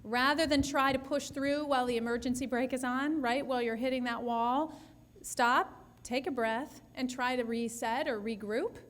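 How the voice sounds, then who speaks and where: A woman's voice: high voice, steady tone, normal speed. A woman speech therapist answering audience questions at a session, explaining patiently with frequent restarts.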